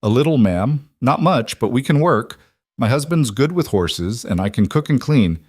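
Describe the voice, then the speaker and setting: Casual: guy reading as a scrappy young seamstress, pitched up, practical n teasing, dry mic. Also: lively intonation, normal speed, slightly rough, no room sound. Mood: pleading. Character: young woman, poor brave quick-witted seamstress.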